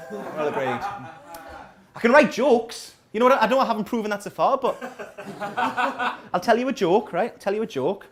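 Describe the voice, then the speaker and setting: Lively, high-voiced comedian, echoey room. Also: male voice, normal speed, pauses often. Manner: rambling, self-deprecating, sweary. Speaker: stand-up comedian. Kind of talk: stand-up set. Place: small coffee shop venue, indoors.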